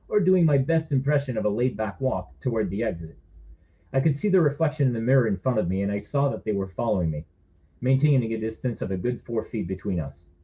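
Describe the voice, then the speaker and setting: Mellow-voiced man narrating a thriller. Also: lowish voice, poor audio. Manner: wry, conversational storytelling. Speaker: author. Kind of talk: first-person thriller narration.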